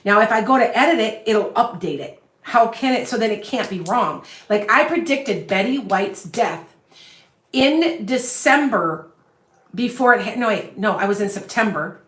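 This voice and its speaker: A psychic medium from the US Midwest with a Chicago accent talks casually on a livestream into a phone on a stand. Her medium-pitched, slightly bright voice has lively intonation and a moderate pace. Chatty and self-assured, she rambles from thought to thought in a room with roomy echo.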